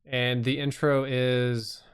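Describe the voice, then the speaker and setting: A man's voice: mid-range voice, level tone, slow pace, smooth. A man hosting a live stream, reviewing channels with blunt, casual and sometimes profane critique.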